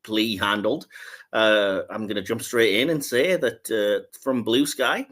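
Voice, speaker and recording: A man's voice: fairly low pitch, unhurried, fairly bright tone. A male podcast host talking in a loose, casual way, full of "uh"s and restarts. He chuckles between remarks as he runs the show. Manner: rambling, many filler words and restarts.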